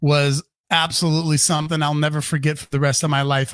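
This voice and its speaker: A man's voice: on the high side, flat delivery, fast talker, no room sound. A middle-aged man co-hosting a podcast, launching into a heated, swear-filled rant and repeating himself for effect. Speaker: podcast co-host. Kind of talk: profane comedic rant. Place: home studio during a live stream.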